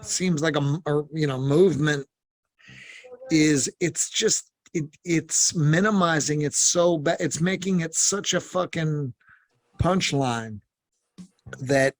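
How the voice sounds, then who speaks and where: Male podcast co-host, voice a bit high, blunt and exasperated. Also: slow pace, no echo. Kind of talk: comedic podcast banter.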